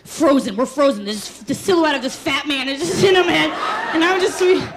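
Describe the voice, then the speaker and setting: A woman telling a funny personal story on stage, animated and laughing as she talks. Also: high voice, brisk. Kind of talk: live comedic storytelling. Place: stage before a live audience. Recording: live room with crowd laughter and noise.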